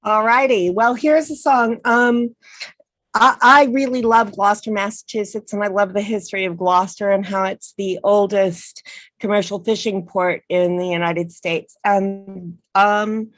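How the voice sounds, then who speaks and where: Slow-singing woman with a dry close sound. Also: medium pitch, steady tone, fairly bright tone, no echo. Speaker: festival singer. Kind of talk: spoken song introduction and unaccompanied folk singing.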